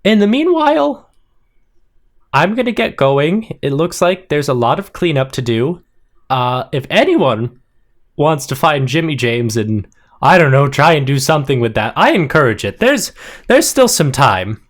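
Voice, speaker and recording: A man narrating a tabletop role-play as game master, relaxed and wry. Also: mid-range voice, normal speed.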